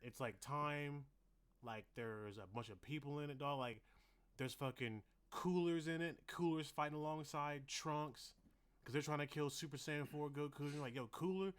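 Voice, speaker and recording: Animated, swearing man in casual podcast chat. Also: fairly high pitch, normal speed, clean tone. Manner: animated, swearing, acts out quotes loudly. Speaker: podcast co-host.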